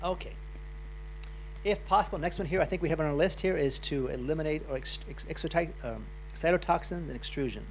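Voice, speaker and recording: Chatty man with a gravelly voice. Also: a little high, fast, slight background noise. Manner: loose, chatty, with restarts and asides. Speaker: health speaker. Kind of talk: live talk to an audience.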